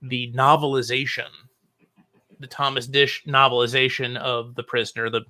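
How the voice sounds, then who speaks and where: A man's voice: medium pitch, little pitch movement, moderate pace, bright, forceful tone, dry recording. A man talking as a guest on a video call, wry and joking. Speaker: guest playwright. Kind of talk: casual chat.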